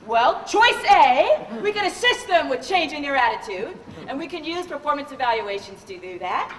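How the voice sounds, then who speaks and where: A woman attorney giving a live training seminar, animated and humorous, quizzing the audience with questions. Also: high voice, normal speed. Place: event hall with a live audience. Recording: echoey hall, faint noise.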